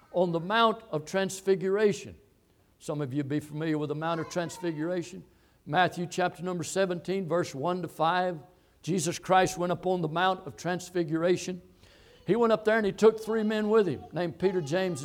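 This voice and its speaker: A man preaching a sermon from a church pulpit, moving from calm teaching to hollering. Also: high voice.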